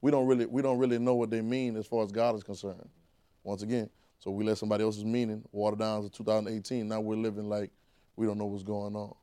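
A man's voice: lowish voice, little pitch movement, fast talker, warm tone, dry recording. A man preaching a sermon in a conversational, vernacular way, with frequent restarts and call-and-response with the congregation.

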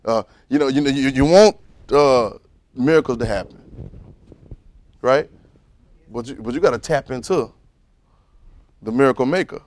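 A man preaching a sermon, moving from low musing to loud fervent preaching and calling out to the congregation. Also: moderate pace, pauses often, no room sound. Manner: calls out to the congregation.

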